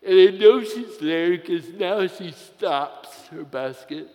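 In a large hall with long reverb, a man preaches a sermon, sharing a personal story with playful humor before moving into scripture. His voice is high and darkish, and he speaks slowly.

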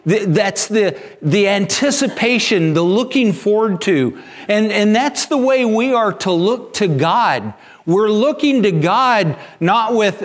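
Male pastor, sermon delivery, high voice, unhurried, repeats and restarts words. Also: animated.

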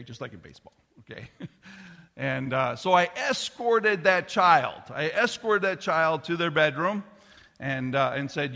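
A middle-aged pastor preaches a sermon, telling a family story in a loose, conversational way with restarts and occasionally sinking to a soft near-whisper. His voice is a little high and creaky, echoing with the long reverb of a large hall.

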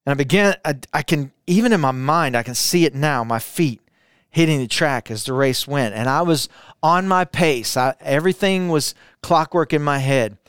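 A middle-aged man from Arkansas telling a personal testimony to a camera, building intensity through repetition and dropping quiet for emphasis. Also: fairly high pitch, moderate pace, clear, resonant tone, dry recording, studio quality. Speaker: speaker sharing a personal testimony. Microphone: camera, speaking to it.

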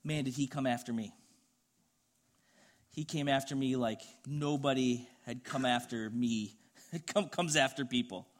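A man's voice: medium pitch, unhurried. A middle-aged man preaching a sermon, telling a personal story in an earnest, conversational way. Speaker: pastor.

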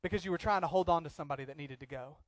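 A man preaching a sermon as pastor, swinging from loud acted outbursts to quiet earnest talk. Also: a little high, rapid-fire, no echo.

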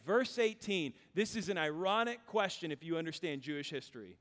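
A male pastor preaching a sermon, reading scripture aloud and then explaining it in an animated, humorous way. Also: fairly high pitch, a little fast, hardly any pauses. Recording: long reverb of a large hall.

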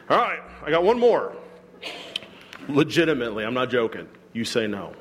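A man preaching a sermon to his congregation, animated and joking, acting out quoted voices as he goes. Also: mid-range voice, normal speed, pauses often, long reverb tail, slight background noise. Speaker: pastor. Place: church hall.

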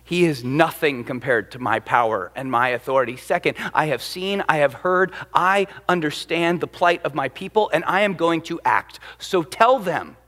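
A preacher voicing God in a firm, emphatic, assured tone. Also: male voice, a little high, moderate pace, few pauses, fairly bright tone, natural voice. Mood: commanding. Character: commanding male deity, calm and assured. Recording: long hall reverb.

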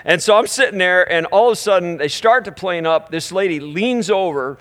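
Middle-aged male minister, higher-pitched storyteller. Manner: animated storytelling that drops into soft, slow prayer. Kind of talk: storytelling sermon at a live church event.

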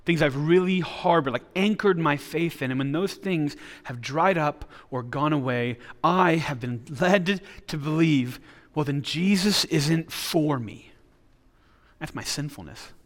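An earnest male pastor delivers a sermon, stumbling and restarting phrases as he works through an idea. His voice sits a little high for a man. The sound carries a long hall reverb. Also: unhurried, few pauses. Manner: earnest, with frequent repeated restarts.

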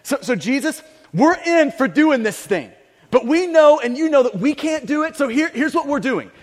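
A man's voice: very high voice, lively intonation, normal speed, voice pushed up. A man voicing a group of worried male disciples, speaking earnestly and stumbling over repeated words. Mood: pleading. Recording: long reverb of a large hall.

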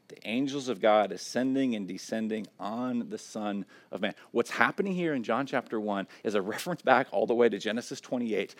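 A man's voice: medium pitch, lively intonation, normal speed. This is a man preaching from the pulpit with an easygoing, conversational delivery. He keeps checking in with his listeners as he talks. When he gets to his main points, he builds them into emphatic declarations that repeat one after another. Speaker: pastor. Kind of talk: sermon.

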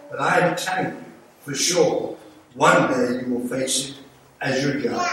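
Older English evangelist in an echoing church. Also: male voice, on the high side, fairly bright tone. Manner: earnest, pleading, with light humour. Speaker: visiting evangelist. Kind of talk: evangelistic sermon with altar call. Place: church sanctuary. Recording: echoey church from a distance, noisy.

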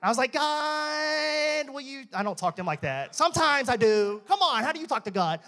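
A young man giving a testimony sermon in a church. He talks with animated energy, jokes and laughs often. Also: high voice, quick pace. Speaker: church minister.

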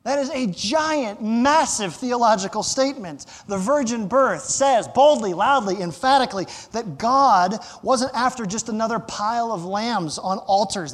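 Man, pastor, sermon, high voice, emphatic repetition, long echo of a church hall. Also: animated, a little slow, hardly any pauses. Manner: emphatic, repeats phrases for stress; asks the congregation to fill in words.

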